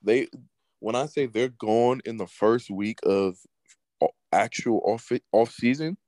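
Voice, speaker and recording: A man's voice: mid-range voice, a little slow, dark tone, dry recording. A man co-hosting a casual sports podcast, blunt, emphatic and heavy on profanity. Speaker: podcast co-host.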